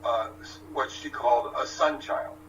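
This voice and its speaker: A man co-hosting a livestream, telling a story in a halting, hesitant way. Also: medium pitch, fairly bright tone, lo-fi sound. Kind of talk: casual storytelling. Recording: distant mic with noise and hum.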